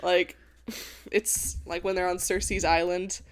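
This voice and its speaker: A woman co-hosting a podcast, chatting in an animated way about book chapters and often saying "like". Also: on the low side, slow pace. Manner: chatty and animated, many fillers like "like". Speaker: podcast co-host. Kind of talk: casual book-review chat.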